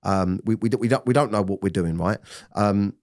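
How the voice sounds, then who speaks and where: A man's voice: fairly low pitch, brisk, darkish tone, no room sound, studio quality. A man hosting a candid podcast conversation, blunt and sweary, often repeating himself. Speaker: podcast host.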